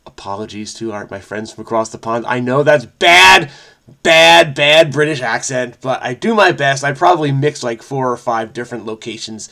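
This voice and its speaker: A man's voice: mid-range voice, animated, normal speed, vocal fry, a bit bright. A man hosting a crossword video, chatting in a frenetic, rambling way and often interrupting himself. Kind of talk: casual solo commentary.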